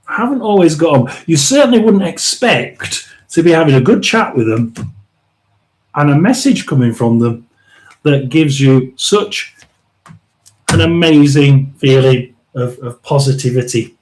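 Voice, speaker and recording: A man's voice: a little high, lively intonation, a little mellow, poor audio. Chatty man reading tarot. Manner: rambling, restarts often, clears throat; chatty and emphatic, drawn-out stresses. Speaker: tarot reader and live stream host. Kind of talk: live stream tarot reading.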